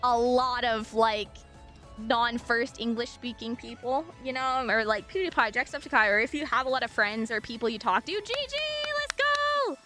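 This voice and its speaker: A young woman from the US Northwest, a streamer chatting casually with viewers, animated and chatty with lots of fillers and casual swearing. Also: fairly high pitch, normal speed, soft background music. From US Northwest, raised in Washington and Montana. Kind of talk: casual chat with viewers while gaming.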